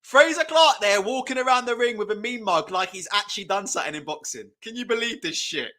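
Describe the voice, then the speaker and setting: A man's voice: high-pitched, a little fast, sharp tone. A man hosting a live boxing watch-along, commentating in a casual, mocking, profane way. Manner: mocking, laughing, loose and profane.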